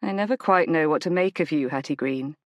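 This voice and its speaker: Woman doing a reclusive duke, low voice, clipped formal speech, dry close mic. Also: a little fast, dry recording, lightly acted. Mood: reserved.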